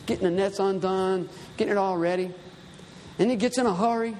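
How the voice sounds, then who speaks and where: High-voiced preacher in a reverberant hall. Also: male voice, steady tone, a little fast, a little mellow, a little hiss or hum. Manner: storytelling, conversational, rising emphatic. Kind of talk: sermon. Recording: reverberant hall with faint ambience.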